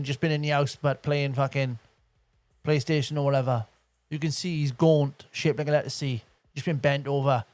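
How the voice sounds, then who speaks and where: A man's voice: fairly high pitch, a little mellow, dry recording. A young man hosting a comedy show, telling a sweary, mocking story and acting out both sides of the conversation. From Wales. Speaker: comedy podcast host. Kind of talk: comic storytelling rant.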